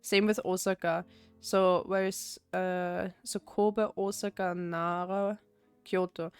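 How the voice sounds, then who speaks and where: A woman's voice: lowish voice, flat delivery, takes it slowly, clear, resonant tone, dry recording, faint music behind. Rambling woman streamer. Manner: rambling, many fillers and restarts. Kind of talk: casual gameplay chat.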